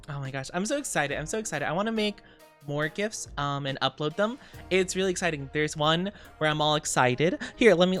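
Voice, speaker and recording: A young woman streaming casually, chatting with viewers in a bubbly, giggly way with cutesy slang. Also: lowish voice. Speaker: VTuber streamer. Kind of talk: casual live-stream chat, greeting viewers.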